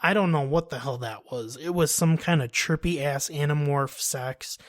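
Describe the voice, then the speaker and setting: A man's voice: a little high, moderate pace, dry recording, clean studio sound. A young man co-hosting a podcast, telling a childhood story in a crude, joking way. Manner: crude, joking, laughs through stories. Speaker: podcast co-host. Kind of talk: casual storytelling.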